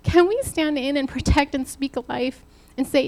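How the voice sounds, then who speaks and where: A woman preaching to a church in a lively, laughing, conversational sermon style. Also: high-pitched, normal speed. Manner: animated, laughing while retelling, addresses the church directly.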